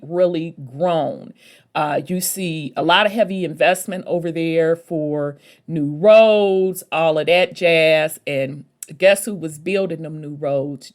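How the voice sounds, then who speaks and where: A woman hosting a podcast, telling a story in a chatty, folksy way and calling her listeners baby and y'all. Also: on the low side. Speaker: podcast host. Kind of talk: casual storytelling talk.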